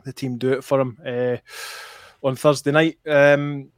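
A man hosts a podcast in an even, flat-toned voice, measured and somber, pausing often with fillers. His voice sits at a middling pitch and sounds dry and close, with little room to it. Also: clean tone, no echo. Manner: measured and somber, with many hesitations. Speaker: podcast host. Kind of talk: casual podcast chat.

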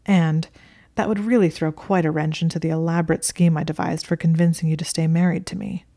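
A woman's voice: low voice, steady tone, a little fast, warm tone, dry recording, clean studio sound. A woman voicing a smug, needling young wizard man who smirks, rambles and waves things away, in a storybook reading. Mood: rambling.

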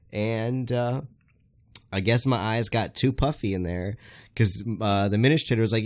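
A man's voice: medium pitch, normal speed. A young man co-hosting a casual podcast, telling a story in a laid-back way and laughing through his words. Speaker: podcast co-host. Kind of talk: casual chat.

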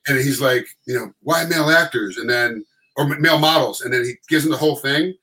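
A middle-aged man telling stories in a quick, tumbling rush. His tone is bright and forceful. He acts out what others said in animated voices. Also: medium pitch, rough recording. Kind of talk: casual storytelling chat.

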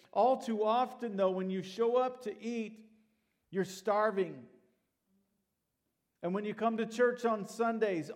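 High-voiced man preaching a sermon. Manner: conversational preaching, drops to soft low tones for prayers. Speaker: pastor. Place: church sanctuary.

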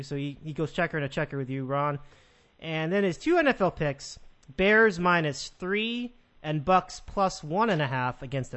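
A man's voice: a little high, fairly bright tone. A man hosting a sports podcast, chatting casually and upbeat with callers, laughing easily.

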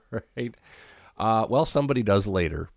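Low-voiced guy casually recapping wrestling, swears a lot, chuckles, dry close mic. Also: animated, unhurried, creaky, no echo. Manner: laid-back, profane, laughs often while recapping. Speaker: podcast co-host.

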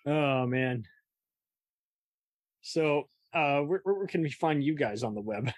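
A man's voice: fairly high pitch, expressive, slow, no room sound. A man hosting a podcast, talking about films in a rambling, casual way with many asides. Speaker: podcast host. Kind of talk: casual film discussion.

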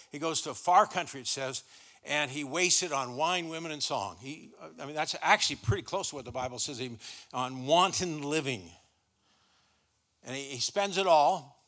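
A man's voice: medium pitch, a bit bright. A middle-aged man preaching a sermon in a church, folksy and stumbling over repeated words as he starts his sentences. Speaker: guest pastor.

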